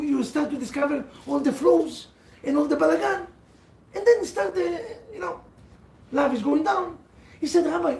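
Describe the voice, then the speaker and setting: A man giving a sermon as a rabbi to a seated audience, telling stories in halting, non-standard English. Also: extremely high pitch, darkish tone, roomy sound, far from the mic, slight background noise, poor audio.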